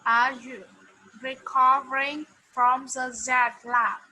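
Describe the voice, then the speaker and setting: A woman learning English in a one-on-one lesson, answering hesitantly with many pauses and fillers. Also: high voice, little pitch movement, pushed and bright, rough recording. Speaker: English student.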